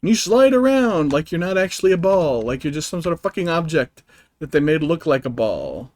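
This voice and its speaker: A man's voice: fairly high pitch, very animated, fairly quick, a little mellow. A man streaming a video game, ranting profanely and rambling with lots of fillers and restarts. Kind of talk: live-streamed gameplay commentary.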